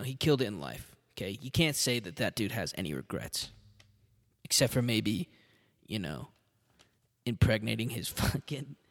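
A man's voice: medium pitch, long reverb tail. A man hosting a solo podcast, rambling casually and swearing a lot. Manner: rambling, profane, with laughs. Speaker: podcast host.

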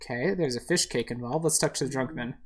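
Low-voiced woman narrating a game. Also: fast, a little mellow, breathy edge. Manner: describes the screen, with fillers. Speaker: game streamer. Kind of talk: casual let's-play narration.

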